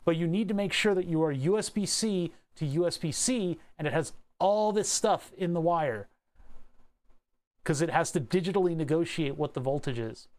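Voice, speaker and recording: A man's voice: fairly high pitch, moderate pace, darkish tone. Rambling, profane man streaming electronics work. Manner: rambling, profane, with laughing asides. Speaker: livestreamer building electronics. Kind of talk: casual livestream chat while working on electronics.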